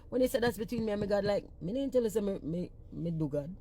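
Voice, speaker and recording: A woman's voice: medium pitch, fast talker, darkish tone, slight background noise. A woman with a thick Jamaican Patois accent, a singer-songwriter ranting bluntly and with profanity in a casual social media talk.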